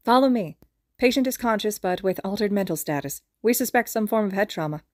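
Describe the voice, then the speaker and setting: A woman voicing an excitable young woman medic who talks eagerly in a fan podfic. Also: mid-range voice, fairly quick, no echo, clean studio sound, close to an everyday voice. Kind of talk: podfic character reading.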